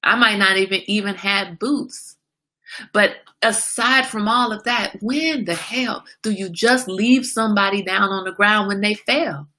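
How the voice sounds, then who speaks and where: A woman's voice: medium pitch, unhurried, pushed and bright. A woman hosting a casual livestream, talking emphatically and asking rhetorical questions, like a small sermon. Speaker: livestream host.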